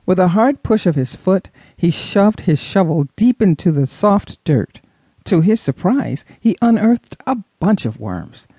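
A man narrating a suspense audiobook in an expressive storytelling manner. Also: on the high side, no echo. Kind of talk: scripted narration.

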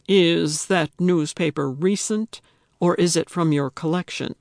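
A woman reading an audiobook, voicing a sardonic, condescending man who speaks deadpan. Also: on the low side, measured pace, vocal fry, dry recording, clean studio sound. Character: dry, sardonic grumpy man.

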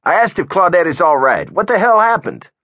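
A man's voice: high-pitched, very animated, fairly quick, pushed and bright, dry recording, pitched above the performer's own voice, heavily acted. A man voicing a cocky young man in his twenties who is in charge and talks in a brash, commanding way. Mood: alarmed. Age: 20s.

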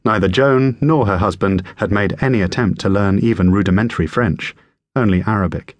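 A man reading a thriller audiobook aloud in a measured, even storytelling manner. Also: fairly low pitch, no room sound. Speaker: audiobook narrator. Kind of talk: scripted narration.

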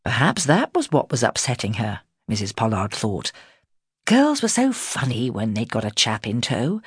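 Woman audiobook narrator, animated pitch, husky voice, dry close studio sound. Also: dry recording. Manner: expressive, measured storytelling. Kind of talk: scripted narration.

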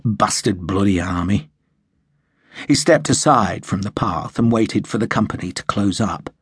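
A man narrating an audiobook in a measured, storytelling manner. His voice is low and husky. The recording is close and dry, with no room sound. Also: expressive, dry recording. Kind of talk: scripted narration.

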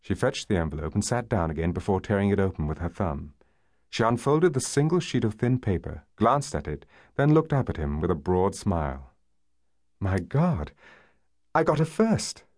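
A man narrating a novel as an audiobook, in a measured and expressive storytelling manner. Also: sits low, no room sound, studio quality. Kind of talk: scripted narration.

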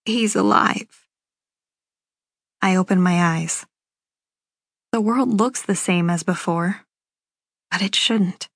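A woman reading a first-person novel aloud as an audiobook, in a measured, unhurried telling. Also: on the low side, no echo, clean studio sound. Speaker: audiobook narrator.

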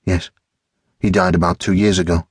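A wry, moody teenage boy, voiced by a male narrator, with a deep, husky tone. He teases lightly, then drifts into his own thoughts, recorded close and dry. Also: little pitch movement, moderate pace, no room sound. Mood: brooding. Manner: teasing, then brooding.

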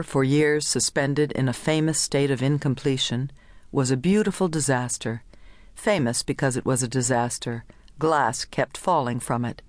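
A woman narrating a literary short story in a measured, even reading voice. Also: extremely low pitch, no echo. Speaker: audiobook narrator.

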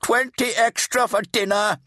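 A man's voice: on the high side, sing-song, moderate pace, slightly rough, no room sound, clean studio sound, pitched above the performer's own voice. Casting: a man voicing a harsh, bullying fat monk-cook, raised and barking. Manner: barking, shouting interrogation. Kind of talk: audiobook character voice.

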